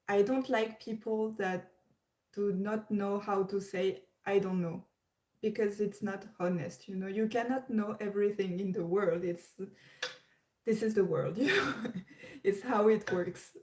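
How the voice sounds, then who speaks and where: Slow-talking woman chatting on a livestream. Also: mid-range voice, fairly even intonation, darkish tone. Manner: chatty, hesitant, many restarts and laughs. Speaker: livestream host. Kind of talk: casual livestream chat. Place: her room. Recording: roomy echo.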